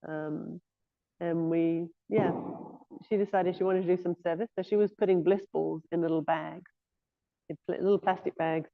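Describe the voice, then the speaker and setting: A woman's voice: on the low side, gravelly. A woman giving an informal scripture class in a temple, speaking hesitantly with frequent "um" and "yeah" fillers. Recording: thin phone-like lo-fi audio.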